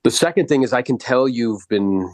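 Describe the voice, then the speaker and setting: A man coaching a real estate agent after a live role-play call, animated and blunt, often swearing and acting out quotes in exaggerated voices. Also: mid-range voice, normal speed, dry recording.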